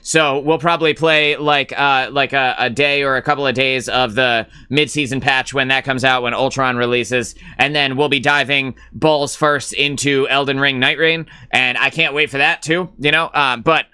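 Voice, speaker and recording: Streamer dude rambling to chat, lots of uh and like, bright punchy voice, kinda sweary. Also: male voice, mid-range voice, fairly even intonation, moderate pace, few pauses, smooth. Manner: rambling and filler-heavy, with frequent "uh" and "like"; blunt and profane, reading and answering chat. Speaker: live-stream gaming host. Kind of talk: casual live-stream chat.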